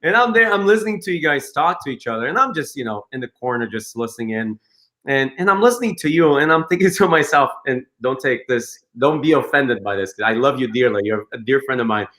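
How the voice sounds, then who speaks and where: A man, a company co-founder, telling stories as a guest on an interview show, animated and enthusiastic. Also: medium pitch, fast talker. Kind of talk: casual interview chat.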